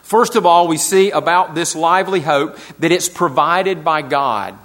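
A man with a high voice preaches a sermon to his congregation. He repeats key phrases for emphasis, lets some lines drop soft and low, and puts questions to his listeners. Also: unhurried. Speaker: pastor.

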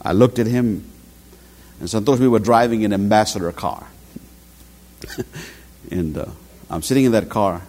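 A man's voice: lowish voice, normal speed, pauses often. A middle-aged man preaching a sermon, telling stories and acting out quotes. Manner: animated storytelling with acted quotes.

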